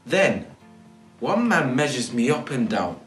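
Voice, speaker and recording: An actor playing Peter, a frightened, remorseful disciple, in a slow and emotional stage monologue. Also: male voice, medium pitch, sing-song, fairly bright tone, distant mic. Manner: slow, emotional, cries out in denials. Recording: echoey room with faint music.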